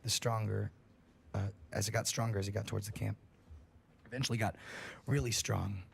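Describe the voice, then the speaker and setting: Gravelly-voiced man telling a scary story. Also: on the low side, brisk, a little hiss or hum. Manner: profane, animated storyteller. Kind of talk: casual storytelling.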